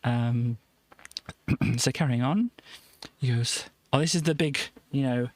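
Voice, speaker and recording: A man's voice: medium pitch, slow, darkish tone. Rambly, giggly man streaming. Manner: rambling, full of fillers and restarts, giggly. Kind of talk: casual live-stream chat.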